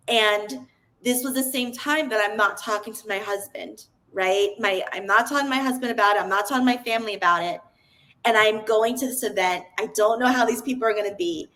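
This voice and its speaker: A woman's voice: medium pitch, fairly quick, a bit bright, poor audio. A woman, a podcast guest, telling her personal story in an earnest, open way, often restarting her sentences.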